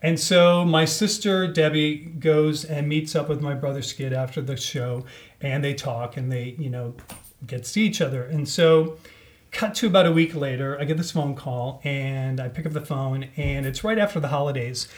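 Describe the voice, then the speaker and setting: A man telling a personal story in a relaxed podcast conversation, acting out the voices of the people in it. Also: on the high side, normal speed. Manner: animated, acts out quoted voices. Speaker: podcast guest. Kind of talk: casual storytelling.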